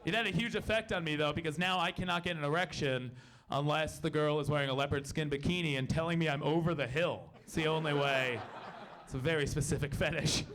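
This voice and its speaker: A man performing stand-up comedy into a handheld mic on a club stage. His voice sits high and rings bright. He tells his stories deadpan, then bursts into loud acted-out quotes. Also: fairly quick.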